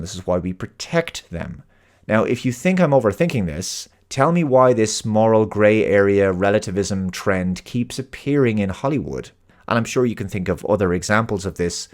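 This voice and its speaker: An Irish man hosting his own show, delivering an earnest, emphatic opinion monologue. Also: fairly low pitch. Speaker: host.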